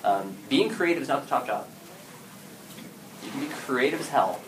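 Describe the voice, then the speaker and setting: In an event room, a story games panelist talks to the audience at a normal speed, relaxed and animated, with wide pitch swings as he acts out small player and game master exchanges. He sits back from the microphone, and steady background noise runs beneath him.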